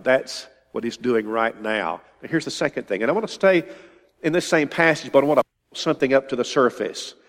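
An older man preaching a sermon, emphatic and often repeating phrases for stress. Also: medium pitch. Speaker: pastor. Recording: long hall reverb.

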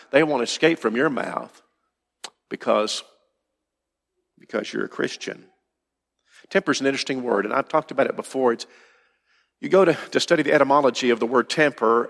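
A man's voice: medium pitch, vocal fry, fairly bright tone. An older man preaching a conversational sermon to his congregation in church, with emphatic questions. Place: church hall. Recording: roomy hall reverb.

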